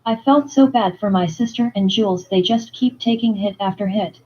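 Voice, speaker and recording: A woman reading a romance novel aloud in first-person narration, plain and steady. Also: mid-range voice, moderate pace, husky, muffled recording. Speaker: audiobook reader.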